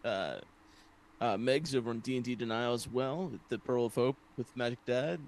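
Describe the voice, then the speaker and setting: A man introducing himself as a tabletop game player, upbeat and quick to laugh. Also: mid-range voice. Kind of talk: casual self-introduction.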